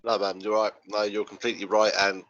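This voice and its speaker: A man's voice: fairly low pitch, flat delivery, a little fast, fairly bright tone, lo-fi sound. A man hosting a chat show, talking casually from his home balcony and calling his guest "mate" at every turn. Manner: chatty, says "mate" and "man" constantly. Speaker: podcast host.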